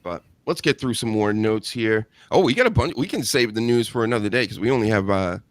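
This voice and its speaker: A man's voice: lowish voice, a little fast, no echo. A man hosting a wrestling podcast in casual chat, blunt and sarcastic, swearing freely. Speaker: podcast host.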